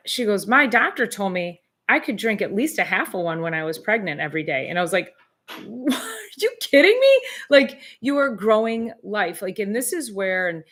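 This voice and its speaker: A middle-aged woman chiropractor hosting a casual live Q and A, chatty and rambling with fillers and restarts. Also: lowish voice. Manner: animated, exclaims in disbelief. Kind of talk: casual live-stream chat.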